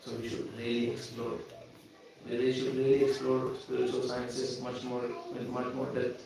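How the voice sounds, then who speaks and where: A man's voice: medium pitch, monotone, normal speed, gravelly. A man giving a sermon at a temple program, speaking directly and earnestly, full of rhetorical questions. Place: temple hall. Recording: echoey room from far off, faint noise.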